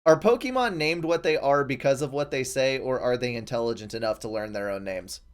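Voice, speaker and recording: A man's voice: medium pitch, a little fast, clear, resonant tone. A man co-hosting a gaming podcast in casual chat, telling things with chuckles and animation.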